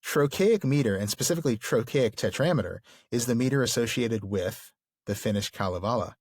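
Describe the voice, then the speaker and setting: A man's voice: mid-range voice, lively intonation, a little fast, a little mellow, breathy edge, dry recording, studio quality. A man co-hosting a podcast, explaining literature casually and enthusiastically, with plenty of fillers. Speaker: podcast co-host.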